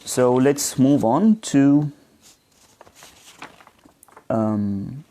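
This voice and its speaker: A man teaching a live online pronunciation class, speaking slowly and hesitantly with many fillers, modeling words and asking students questions. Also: medium pitch, mellow.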